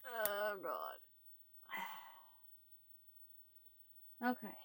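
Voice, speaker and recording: A woman's voice: mid-range voice, very animated, slow, pauses often, bright, forceful tone. A woman chatting casually to camera as a crochet vlogger, rambling and laughing easily. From United States. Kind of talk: casual chat.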